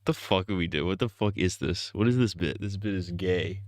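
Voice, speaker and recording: A man's voice: low-pitched, moderate pace, few pauses, no echo, studio quality. A man streaming a game live, rambling in a crude, profane and goofy way. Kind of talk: casual gaming stream commentary.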